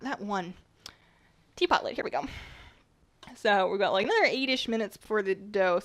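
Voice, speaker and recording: A woman chatting casually while she bakes on a stream, rambling a bit, her voice slightly rough at the tail end of a cold. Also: mid-range voice. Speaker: baking streamer. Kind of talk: casual chat while baking.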